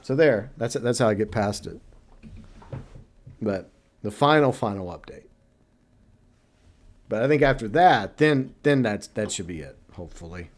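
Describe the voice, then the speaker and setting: A man's voice: on the low side, lively intonation, normal speed, long pauses. Man musing casually while streaming a game. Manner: thoughtful, speculating, many restarts. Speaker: streamer host. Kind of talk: casual gaming chat.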